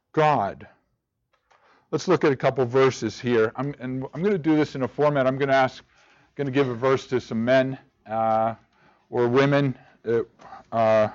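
A man's voice: medium pitch, highs cut off. A man leading a church study group, asking rhetorical questions and often restarting his words. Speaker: Bible study teacher. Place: room with a group of listeners.

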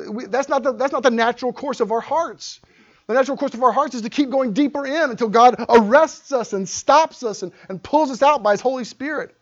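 Male pastor, fervent sermon delivery, lively pitch swings, muffled lo-fi recording. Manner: impassioned, swings from hushed to loud.

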